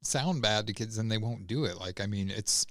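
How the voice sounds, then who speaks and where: Male podcast co-host, lowish voice, hesitant delivery with restarts, dry close sound. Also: fairly bright tone, no echo. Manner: hesitant, many fillers and restarts, halting. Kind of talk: casual chat.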